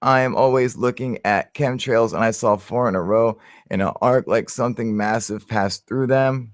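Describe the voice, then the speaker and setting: An excitable man chats live to his viewers, swearing freely and dropping "dude" into nearly every sentence. His voice is close and dry, with no room sound around it, and it sits at an everyday middle pitch. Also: moderate pace, hardly any pauses, no echo. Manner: excitable, profane, says "dude" a lot. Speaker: channel host on a livestream. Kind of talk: casual live chat.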